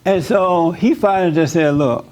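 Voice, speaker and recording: A man's voice: a little high, moderate pace, darkish tone. A man hosting a church talk as pastor, blunt and joking, often laughing as he gives advice. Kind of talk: casual church counseling chat.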